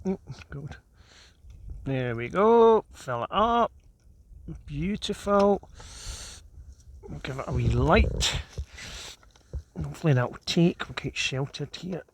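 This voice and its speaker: A Scottish man vlogs outdoors, chatting casually to the camera while savoring a brew on a cold, windswept hilltop, relaxed and enjoying each moment. His voice is fairly high with vocal fry, unhurried and full of long pauses, with slight background noise.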